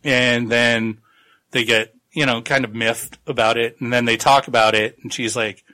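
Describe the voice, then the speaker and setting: A man's voice: medium pitch, flat delivery, moderate pace, sharp tone. A man hosting a casual book podcast, recapping a plot in a rambling, profane way with quoted asides. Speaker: podcast host.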